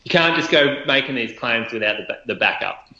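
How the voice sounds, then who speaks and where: A man, co-hosting a casual podcast chat and telling stories with animated, mocking retellings. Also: mid-range voice, a little fast, a little hiss or hum. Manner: animated storytelling, mocking quoted voices. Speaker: podcast co-host. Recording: roomy, dull lo-fi sound.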